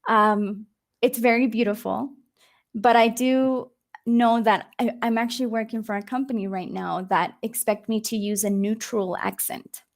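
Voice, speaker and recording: A chatty Australian woman on a video call, her voice sitting a little on the high side. She talks casually as an English tutor, laughs often and drifts through plenty of ums. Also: fairly even intonation, moderate pace, vocal fry.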